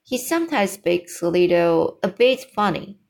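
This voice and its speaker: A woman's voice: lowish voice, expressive, normal speed, vocal fry, a little mellow. A woman reading as an eager little girl.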